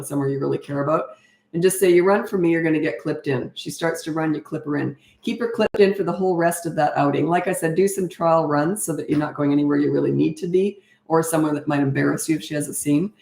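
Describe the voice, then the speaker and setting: A woman's voice: low voice, darkish tone, roomy sound. A middle-aged woman coaching parents in a casual live-stream Q&A, frank and chatty, laughing often, on a webcam.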